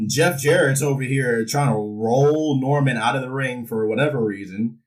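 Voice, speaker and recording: At medium pitch and a moderate pace with few pauses, a man gives a casual wrestling recap full of comic impressions, jokingly performing the wrestlers' lines with animated energy. He's recorded from a distance with poor audio.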